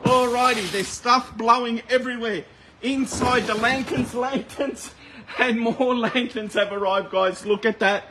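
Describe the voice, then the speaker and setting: A man with an extremely high-pitched, steady voice hosts a live shopping stream outdoors at a warehouse sale. He calls out prices rapidly and chats with his viewers. The phone recording is noisy and outdoors, with wind.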